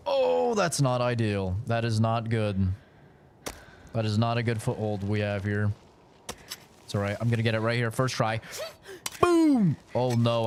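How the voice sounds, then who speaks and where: A man's voice: fairly low pitch, noisy background. A tired young man streaming a game, talking to himself, swearing and bursting out as he plays. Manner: swearing, self-talking, excitable outbursts. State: tired from a long session. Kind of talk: live gaming commentary.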